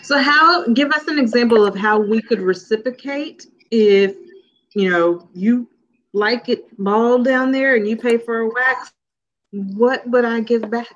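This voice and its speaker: A woman's voice: fairly high pitch, unhurried, a bit bright. Blunt woman, muffled sound. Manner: blunt, practical, gives instructions. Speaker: podcast co-host. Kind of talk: casual panel chat.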